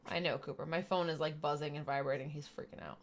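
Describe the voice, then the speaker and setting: A woman's voice: deep voice, steady tone, quick pace. A woman chatting casually while she does her makeup, explaining each step as she goes. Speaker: streamer doing makeup. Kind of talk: casual makeup tutorial chat.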